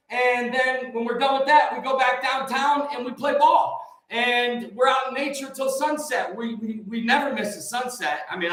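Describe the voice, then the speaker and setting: A man with a high voice hosts a rambling livestream, excitable and preachy, leaping from one topic to the next. His voice rings out in a very echoey room. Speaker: livestream host.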